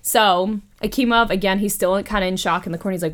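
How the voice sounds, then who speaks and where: This is a woman in the middle of a casual podcast story. Her voice sits at an ordinary pitch for a woman. She tells it in an animated way, swears freely, and breaks off into asides. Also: fast. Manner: profane, animated retelling with asides. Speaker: podcast host.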